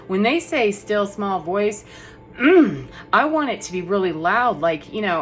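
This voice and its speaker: A woman's voice: medium pitch, lively intonation, a little slow, fairly bright tone, faint music behind. A middle-aged woman telling a personal story in a rambling, casual monologue, laughing often between fillers. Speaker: energy healer vlogger.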